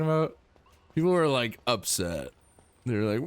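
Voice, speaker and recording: A man's voice: medium pitch, very animated, normal speed, long pauses, clean tone, dry recording. A man casually commenting on his gameplay as a streamer, laid-back, swearing and talking to his chat.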